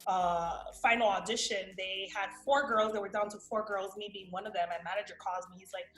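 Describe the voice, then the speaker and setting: A woman with a slight New York-tinged American accent, a guest actress telling a story in a casual interview, animated, swearing freely and acting out the voices of people she quotes. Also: medium pitch, fairly quick, few pauses. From Miami, USA. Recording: roomy echo with faint music.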